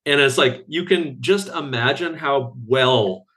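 A man's voice: medium pitch, a little slow. A man, an architect guest on a podcast, talking casually and acting out quotes from others with bursts of laughter. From Canada. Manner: animated storyteller, acts out quotes with laughs.

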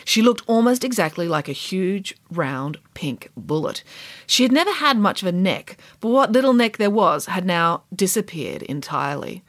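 A woman's voice: on the low side, big pitch swings, moderate pace, dry recording. A woman narrates a children's book with a playful, wry touch, often turning to address the listener. Her voice moves animatedly through its range, recorded close and dry. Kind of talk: storybook read-aloud.

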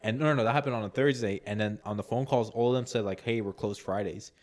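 A man with a fairly low voice telling a long story on a casual podcast. He rambles, fills every gap with "like," and acts out what people said to him. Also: quick pace. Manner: rambling, many "like"s, laughs a lot, acts out quotes. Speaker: podcast co-host.

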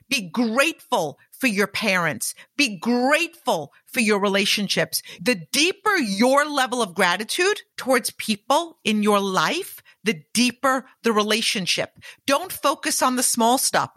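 A middle-aged woman gives an animated motivational podcast talk and speaks right to her listeners. Her voice sits a little high and bright. It sounds dry and close, with no room around it. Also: no room sound. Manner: upbeat, animated, addresses listeners as "you guys". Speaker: podcast host.

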